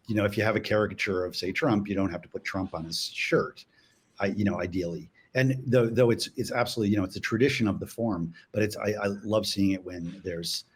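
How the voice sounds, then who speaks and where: A man, a cartoonist guest on a panel, who speaks in a halting, thoughtful way with many restarts. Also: on the low side, breathy edge. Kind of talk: casual panel chat.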